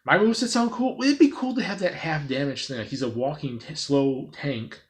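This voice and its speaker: An excitable man rambles through an off-the-cuff gaming commentary. He circles back on himself with plenty of fillers and restarts, and now and then breaks into loud, playful sound effects. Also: a little high, moderate pace. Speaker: gaming video creator.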